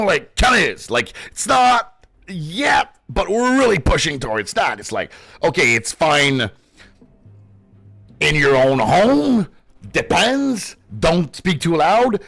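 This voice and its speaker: Passionate profane man, lively pitch. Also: vocal fry, dry recording. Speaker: gaming streamer. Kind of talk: casual ranting commentary.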